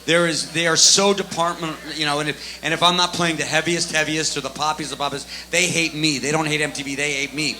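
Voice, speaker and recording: A man tells stories on a live panel stage, animated and quick to act out what others said. His voice sits fairly high and rings bright. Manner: animated, storytelling with acted quotes. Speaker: panelist, former music TV host.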